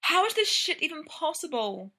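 A woman's voice: sits high, sing-song, slow, bright, forceful tone, voice pushed up, heavily acted. A woman voicing a flustered young woman laced into a tight corset, whiny and exclamatory. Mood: complaining.

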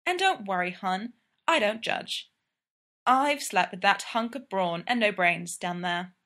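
A smirking, bold young woman who loves to tease, as a woman narrator voices her. She drawls her lines slowly with a sly edge. The storybook reading sounds plain. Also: medium pitch, lively intonation, a bit bright. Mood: teasing. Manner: teasing and sly.

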